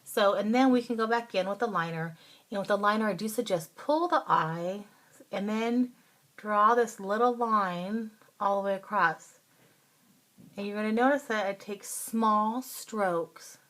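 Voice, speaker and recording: A woman hosting a casual makeup tutorial, talking through each step in an instructive, chatty way and now and then dropping into soft asides. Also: mid-range voice, a little slow. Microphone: phone or camera close by.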